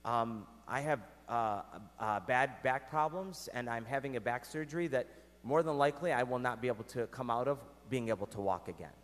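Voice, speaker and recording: A man voicing a cranky male neighbor who rants in a high, shrill voice during a sermon story. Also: moderate pace, lightly acted. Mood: apologetic. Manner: ranting, shrill complaint. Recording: echoey church hall.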